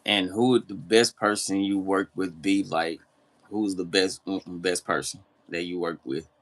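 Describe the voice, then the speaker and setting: A man with a very deep voice hosts the interview, asking his questions in a halting way and rewording them partway through. His tone stays casual. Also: fairly even intonation, a bit bright. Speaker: interview host.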